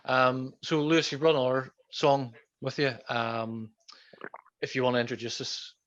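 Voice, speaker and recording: A man hosting a music podcast, asking relaxed, supportive questions. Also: mid-range voice, normal speed. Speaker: podcast host. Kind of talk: casual interview. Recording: slightly muffled recording.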